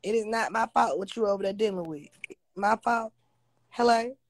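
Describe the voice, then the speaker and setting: A woman's voice: mid-range voice, brisk, no room sound. A woman hosting a casual livestream on her phone, blunt, profane and confrontational as she talks to viewers. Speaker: livestream host.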